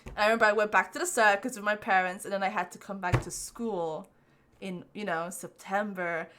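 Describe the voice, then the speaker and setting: A young woman, a podcast host, casually telling a story with lots of swearing and animated retellings. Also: mid-range voice, fairly quick, noisy background.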